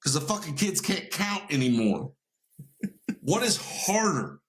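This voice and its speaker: A man co-hosting a podcast, telling stories in a profane, ranting, animated way. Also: fairly high pitch, measured pace. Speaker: podcast co-host. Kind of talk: casual comedic podcast banter.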